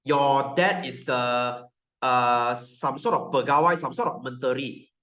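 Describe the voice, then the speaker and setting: A man's voice: mid-range voice, a little slow, bright, forceful tone. A male science teacher with a Malaysian English accent giving a classroom lecture, joking and constantly quizzing his students. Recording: roomy, dull sound.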